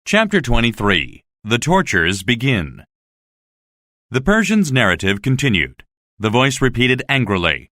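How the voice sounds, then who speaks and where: A man reading a classic story aloud as scripted narration, in a dramatic, expressive way. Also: medium pitch, measured pace, no room sound, clean studio sound. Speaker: audiobook reader. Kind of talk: scripted narration of a graded reader.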